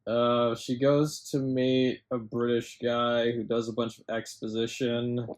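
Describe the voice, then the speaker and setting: Male podcast co-host, mid pitch, casual film-review chat, incredulous and rambling, salty language. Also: little pitch movement, measured pace. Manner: rambling and incredulous, swears and laughs often.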